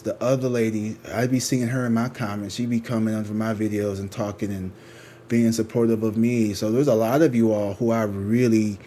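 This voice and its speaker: A man's voice: on the low side, mellow, a little hiss or hum. A man who reads tarot, chatting casually and rambling to his viewers, slangy and swearing freely. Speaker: tarot reader.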